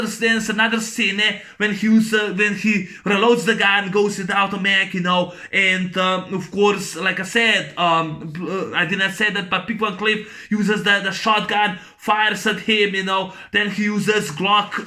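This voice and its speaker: A man recapping an action movie in a casual, excited way, making gunshot sounds with his voice and talking haltingly with many fillers. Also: high-pitched. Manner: halting, full of fillers and restarts. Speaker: movie reviewer.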